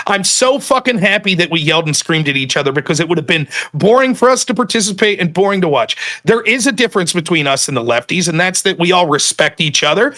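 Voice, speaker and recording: A man on a panel who talks in a blunt, profane and animated way. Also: a little high. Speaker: panelist and streamer. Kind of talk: casual panel discussion.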